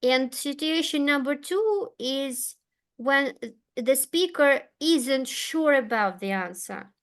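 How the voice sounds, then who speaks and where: A woman teaching an English lesson, speaking patiently and clearly. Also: high voice, lively intonation, a bit bright. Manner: patient, slow and clear, with frequent okays. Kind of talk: online one-to-one English lesson.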